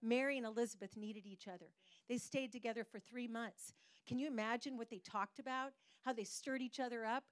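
A middle-aged woman pastor preaching a sermon, telling a personal story in an animated way with pauses for emphasis. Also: a little high, smooth, no echo.

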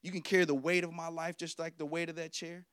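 A man's voice: fairly high pitch, flat delivery, fast, a bit bright, smooth, no echo, clean studio sound. A man preaching a sermon, telling stories with animation, repeating his key lines and putting questions to the congregation.

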